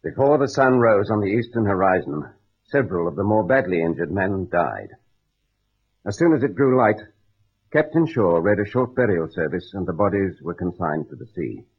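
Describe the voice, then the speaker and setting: A male narrator tells the story in a measured, grave manner. His voice is low and husky, with lively swings of pitch. The vintage broadcast sounds dull and muffled. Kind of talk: scripted radio drama narration. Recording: dull old radio broadcast.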